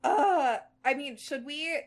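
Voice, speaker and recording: A woman with a high voice co-hosts a podcast, reading a fan-fiction story aloud and breaking off to chat. She is animated and blunt, swearing casually as she goes. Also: slow. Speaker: podcast co-host.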